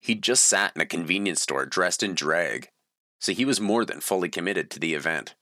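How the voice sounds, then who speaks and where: A man's voice: low voice, lively intonation, moderate pace, sharp tone, no echo, clean studio sound. A man reading his own story aloud in a plain, matter-of-fact way. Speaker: memoir reader.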